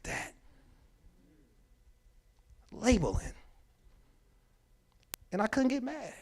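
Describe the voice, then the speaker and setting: At a church mental health workshop, a man speaks in a high-pitched voice at a moderate pace. He is a vivid storyteller who acts out what others said, adds emphasis, and repeats key words for effect.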